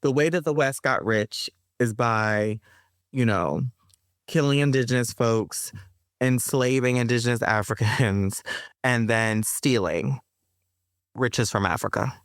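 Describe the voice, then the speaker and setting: A woman poet and interview guest who speaks with a measured, thoughtful cadence and corrects herself as she goes. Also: rumbling low, dry recording, clean studio sound. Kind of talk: spoken-word poetry and interview talk.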